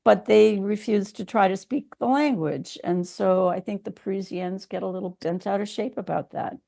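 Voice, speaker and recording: A woman's voice: medium pitch, normal speed, vocal fry, mellow. A woman co-hosting a podcast, chatting casually with wry, opinionated remarks. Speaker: podcast co-host. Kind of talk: casual chat.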